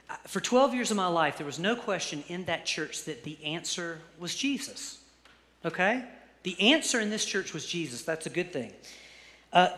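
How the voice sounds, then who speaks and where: A man preaching with a high, bright, forceful voice. He reads scripture slowly and softly, then turns quick and earnest in his own asides. A long church reverb trails every phrase. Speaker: pastor. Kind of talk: sermon.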